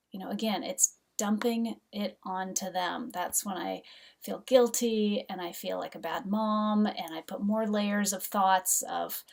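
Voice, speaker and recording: A middle-aged woman giving an earnest, gentle self-help talk as a mother, sometimes dropping to a soft whisper. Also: mid-range voice, a little slow, creaky, far from the mic. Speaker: host, mother and coach.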